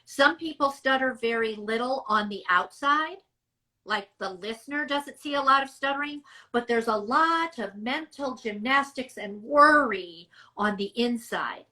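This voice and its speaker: A middle-aged woman speech therapist giving measured, emphatic explanations in a podcast interview. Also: a little high, lively intonation, bright, forceful tone, rough recording.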